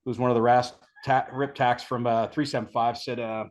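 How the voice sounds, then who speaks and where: Middle-aged man, casual podcast storyteller, relaxed, mimics quoted voices. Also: medium pitch, a little fast. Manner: relaxed storytelling, acts out quoted sergeants, laughs. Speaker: podcast guest, retired Ranger sergeant major.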